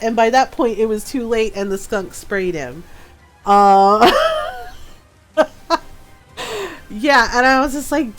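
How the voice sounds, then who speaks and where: A woman's voice: fairly high pitch, lively intonation, a little slow, pauses often, soft background music. A woman streaming a video game, chatting casually and laughing often as she tells stories. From her father's home in Texas. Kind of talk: casual gameplay chat.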